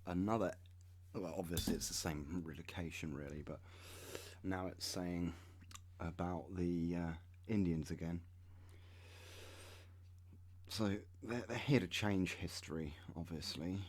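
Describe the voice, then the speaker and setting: A man's voice: low voice, unhurried, pauses often, darkish tone. A man in his thirties reading web pages aloud and adding wry, sarcastic asides as a channel host. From United Kingdom. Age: 30s.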